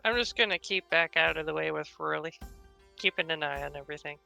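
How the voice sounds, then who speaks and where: A woman playing in a tabletop game, making soft, offhand remarks. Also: sits low, fast talker, creaky, faint music behind. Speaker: player. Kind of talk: casual tabletop role-play.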